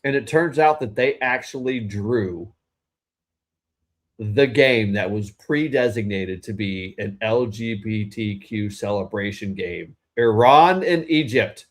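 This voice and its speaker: Slow and low-voiced, this man co-hosts a laid-back political talk podcast. He's opinionated and rambling, often abandoning a sentence halfway to start it again.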